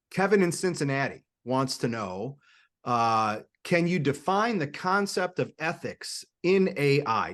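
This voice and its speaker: Hosting a panel talk, this man speaks in a highish, somewhat bright voice. He's hesitant and conversational, restarting often and repeating words while he passes on questions from viewers.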